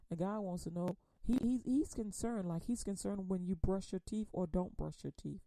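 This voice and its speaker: A woman teaching a Bible study in a conversational preaching manner, repeating words and using folksy phrasing, then reading scripture slowly and with emphasis. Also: lowish voice, vocal fry, warm tone, dry recording. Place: radio program.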